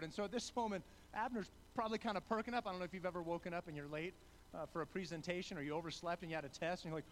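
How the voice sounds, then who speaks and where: A man's voice: sits high, very fast, a little hiss or hum, poor audio. A man preaching a sermon in a conversational way, acting out the characters in the story and often repeating words as he starts a sentence. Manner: conversational, acts out biblical characters with rising excitement. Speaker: pastor.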